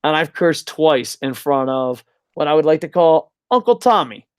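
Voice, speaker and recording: A man from New Jersey co-hosting a casual podcast, with a somewhat high voice. He talks in a profane, excitable way and bursts into loud announcer impressions. The sound is dry and close. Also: moderate pace, clean tone, no echo. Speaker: co-host.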